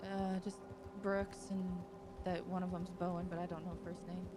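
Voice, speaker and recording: A woman's voice: lowish voice, level tone, moderate pace. Hesitant woman deputy, noisy backdrop. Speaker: deputy in western role-play. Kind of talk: in-character role-play chat.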